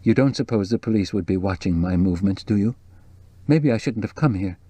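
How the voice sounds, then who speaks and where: A man reading the part of a jumpy, anxious young woman with a low, breathless voice in an audiobook. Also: brisk, mellow, dry recording, lightly acted. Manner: nervous, jumpy, worried.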